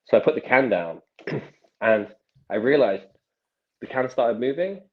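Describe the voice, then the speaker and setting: A young man, a magician telling stories from his life as a podcast guest, with animated delivery and frequent restarts. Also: mid-range voice, measured pace. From England. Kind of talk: casual podcast storytelling. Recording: dull lo-fi sound.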